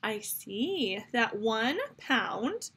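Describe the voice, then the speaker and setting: A woman's voice: a little high, sing-song, extremely slow, sharp tone, slightly rough. A woman teaching a fifth grade math lesson on video, upbeat and encouraging as she talks straight to her students. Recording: faint background noise. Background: toddler babbling nearby.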